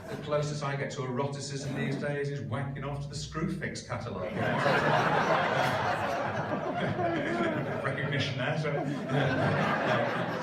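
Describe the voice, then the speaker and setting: A middle-aged man from Wales doing a live stand-up set to a crowd, with a dry, self-mocking, punchy delivery. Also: medium pitch. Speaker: stand-up comedian. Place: comedy club stage. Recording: echoey room, distant mic, noisy. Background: crowd laughter and room ambience.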